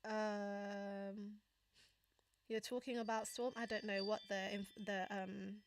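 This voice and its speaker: A woman's voice: mid-range voice, flat delivery, takes it slowly. A young woman with a Kenyan accent hosting a casual live stream, chatty, laughing often and using lots of fillers as she answers viewers. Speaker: livestream host. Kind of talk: casual live chat reading viewer comments.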